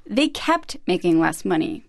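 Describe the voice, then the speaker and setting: A woman co-hosting a radio show, narrating and asking questions in a lively, curious way. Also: on the low side, unhurried, vocal fry, no room sound, studio quality. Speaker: radio reporter and co-host.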